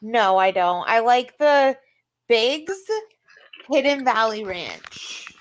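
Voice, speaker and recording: A woman hosting a casual live-stream chat, profane and excitable, laughing often. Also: a little high, slow pace, rough recording. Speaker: live stream panel host.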